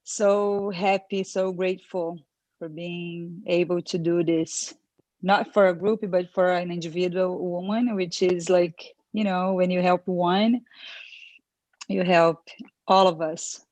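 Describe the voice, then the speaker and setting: A tired woman who teaches yoga and dance, talking slowly and effusively as a guest on a video call panel. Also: lowish voice, fairly even intonation, darkish tone, dry recording.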